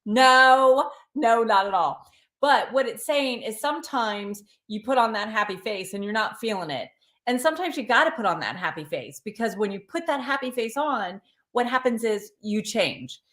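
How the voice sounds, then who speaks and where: A woman's voice: a little high, lively intonation, moderate pace, fairly bright tone, echoey room. A woman hosting a live card reading, chatting and encouraging viewers by name. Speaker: tarot reader and live stream host.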